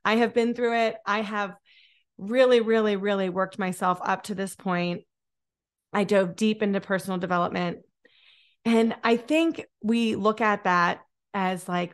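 A woman's voice: medium pitch, steady tone, measured pace. A woman hosting a motivational podcast, talking in an upbeat, encouraging way and often repeating words for emphasis. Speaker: podcast host. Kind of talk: motivational solo podcast talk.

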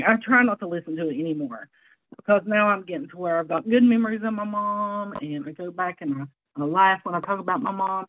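A woman's voice: on the low side, dry recording. A woman in her forties from the American South with a Southern US accent, a guest chatting candidly and laughing easily. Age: 40s. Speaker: interview guest. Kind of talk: casual conversation. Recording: tinny phone-like line, dry.

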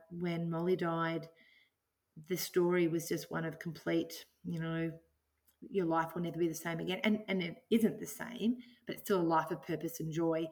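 A woman's voice: lowish voice, a little mellow. A middle-aged woman speaking as an interview guest, earnest and enthusiastic, reflecting on her business and her life. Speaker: guest, business owner and author. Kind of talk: podcast interview.

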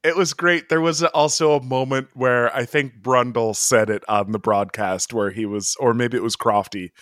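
A man's voice: mid-range voice, fairly even intonation, moderate pace, a bit bright, dry recording. Chatty man, dry close sound. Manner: chatty, amused, lots of fillers and asides. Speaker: podcast co-host. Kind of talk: casual chat.

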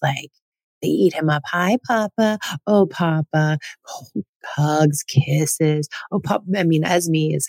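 A middle-aged woman hosts her podcast in a casual, earnest tone, sharing personal stories. Her voice sits low. The recording is dry and close, with no room sound. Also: vocal fry, darkish tone, no room sound. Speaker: podcast host. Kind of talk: casual solo podcast talk.

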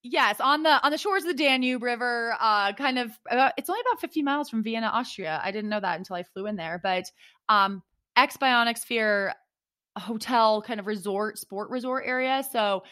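A woman in her thirties, co-hosting a podcast and telling a rambling, animated story with many fillers. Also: on the high side, normal speed. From United States. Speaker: podcast co-host and triathlete. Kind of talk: casual chat.

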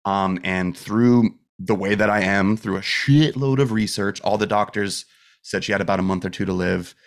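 With a fairly low, creaky voice at a moderate pace, this man, a metal musician appearing as a podcast guest, recounts something personal. He swears freely, meanders, starts over, and fills gaps with "like" and "dude."

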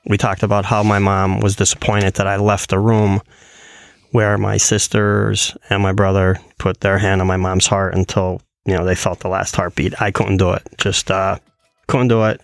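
Man, low voice, conversational storyteller, lively retelling, dry close mic. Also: creaky, no room sound. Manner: animated, quoting others in his retelling. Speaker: guest telling a personal story. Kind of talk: casual storytelling.

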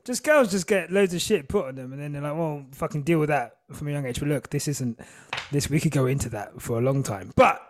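A young man co-hosting a casual podcast, slangy and given to loud bursts. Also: a little high, brisk. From Britain. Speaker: podcast co-host.

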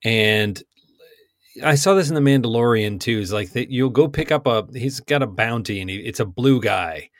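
A middle-aged man co-hosting a podcast, talking films in an animated, wry way. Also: medium pitch, normal speed, no room sound. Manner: animated, wry, acts out lines in voices. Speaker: podcast co-host. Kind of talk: casual film discussion. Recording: dry close sound.

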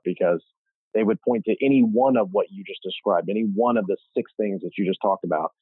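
A man's voice: low voice, fairly quick, slightly rough, no echo. A man hosting an interview, stepping in emphatically to reframe his guest's story for listeners. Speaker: host. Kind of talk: conversational interview. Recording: tinny phone-like line.

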